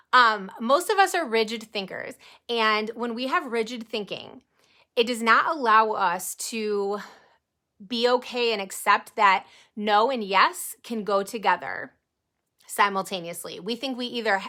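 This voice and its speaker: A woman in her forties giving an energetic, chatty live training to her sales team, talking straight to her viewers. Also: medium pitch. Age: 40s. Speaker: network marketing team leader.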